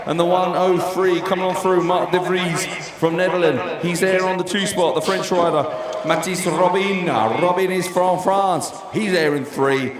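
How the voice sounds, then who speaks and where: A man commentating live BMX races, calling riders with jokey asides. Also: sits high. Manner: jokey, lively asides between rider calls. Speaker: race commentator. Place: outdoor BMX race track. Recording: echoey PA sound with crowd noise.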